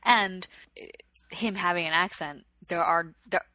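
A woman's voice: on the low side, measured pace, pushed and bright, no room sound. A woman co-hosting a podcast in casual chat, retelling stories at length in a chatty way. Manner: chatty storyteller, retells what she read at length. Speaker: podcast co-host.

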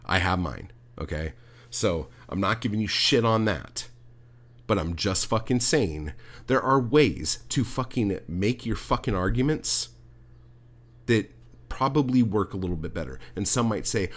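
A podcast host with a lowish, animated, somewhat bright voice rants heatedly at a measured pace, swearing constantly. He speaks straight to the listener, calling them "dude," in a profane monologue.

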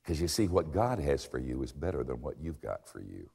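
An older man preaching a sermon with dramatic swings in pitch and volume and wry, self-mocking humor. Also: sing-song, brisk, vocal fry, few pauses, mellow, breathy edge. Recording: long hall reverb.

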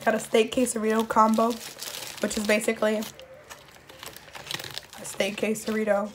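A woman with a hoarse, worn-out voice, chatting casually to camera while she eats, with mouth sounds and coughs between words. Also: on the high side, completely flat delivery, moderate pace, background noise. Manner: chatty, talks while eating, with smacking and coughs. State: hoarse, voice nearly gone. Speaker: YouTuber. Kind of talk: casual eating-show chat.

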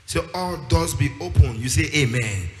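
Preaching at a moderate pace with lively intonation, a man with a slightly high voice stresses his points, imitating the voices of those he quotes and lifting into a sing-song delivery. The recording is from an echoey hall with background music.

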